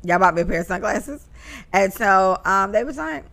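A woman's voice: medium pitch, moderate pace, vocal fry. A woman co-hosting a podcast, chatting casually and profanely, acting out quoted lines as she gossips. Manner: animated, profane, acts out quotes. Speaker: podcast co-host.

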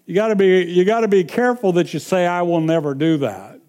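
A man's voice: sits high, a little fast, warm tone. A man preaching a sermon, emphatic and repeating his points with frequent chuckles.

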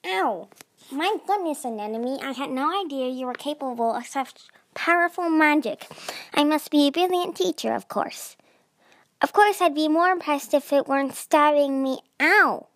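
A woman's voice: high voice, expressive, moderate pace, fairly bright tone, voice pushed up. A woman voicing a smug, haughty male sea dragon with an oozy, drawling voice.

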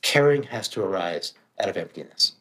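A man's voice: deep voice, lively intonation, fairly quick, sharp tone. A middle-aged man, a guest author and meditation teacher, talking emphatically and plainly in casual conversation, sometimes swearing for emphasis.

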